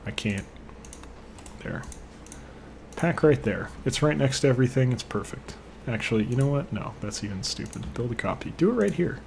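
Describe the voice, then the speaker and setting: A man's voice: medium pitch, animated, moderate pace, vocal fry, pauses often, darkish tone, a little hiss or hum. A young man giving let's play commentary, frustrated and swearing, rambling off into personal asides. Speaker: gaming channel host.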